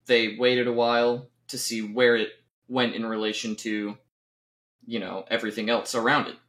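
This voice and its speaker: A man answering questions as a guest on a live stream, speaking softly and haltingly. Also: mid-range voice, level tone. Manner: soft-spoken and hesitant, with fillers. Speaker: guest caller. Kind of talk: casual debate answers.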